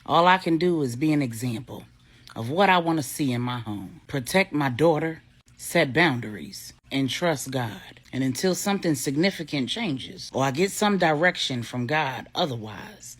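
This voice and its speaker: A woman voicing a calm, deliberate grown man, a devoted father, in a storybook reading. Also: sits low, breathy edge, pitched below the performer's own voice. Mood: resolved.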